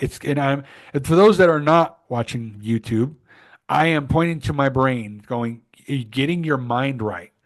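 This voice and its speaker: Earnest man giving motivational pep talk. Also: mid-range voice. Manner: earnest, emphatic, coaching tone. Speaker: podcast co-host. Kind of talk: casual motivational chat.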